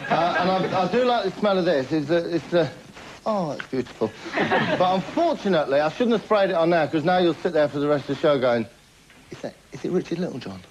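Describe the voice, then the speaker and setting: A man hosts a comedy show in a boastful, name-dropping comic monologue. His voice sits a little high and he keeps checking in with the viewer. The sound is a dull, lo-fi television recording with clear noise underneath. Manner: boastful, name-dropping, chatty with tag questions.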